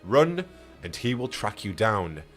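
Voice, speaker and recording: A man's voice: lowish voice, sing-song, unhurried, a bit bright, faint music behind. A man voicing a stern commanding Qunari warrior.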